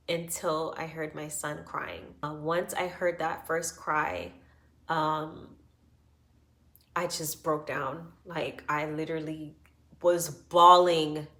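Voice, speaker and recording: A woman in her thirties with a low voice tells her birth story to camera. She speaks earnestly and reassuringly, with many fillers, and her voice is close to tears. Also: takes it slowly, a bit bright.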